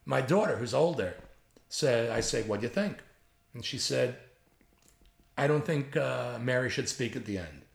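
Gravelly older man with a New York accent. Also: mid-range voice, moderate pace, long pauses. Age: 60s. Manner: animated anecdotal storyteller, gravelly. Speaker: guest, writer. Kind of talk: storytelling interview. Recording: roomy echo.

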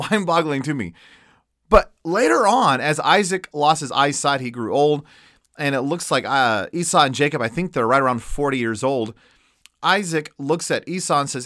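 A male preacher tells a story in an animated way, laughing as he goes. His voice sits a bit high and swoops widely in pitch, and the recording is dry and close. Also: a little slow, no echo. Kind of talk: storytelling sermon.

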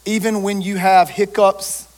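A man, a pastor preaching a lively sermon and joking with his congregation. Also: high voice, measured pace.

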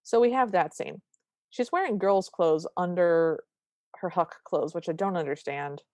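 A woman's voice: fairly low pitch, measured pace, no echo. A woman co-hosting a podcast, retelling a movie scene by scene in casual chat and acting out the characters' lines. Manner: animated retelling with quoted lines. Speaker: podcast co-host.

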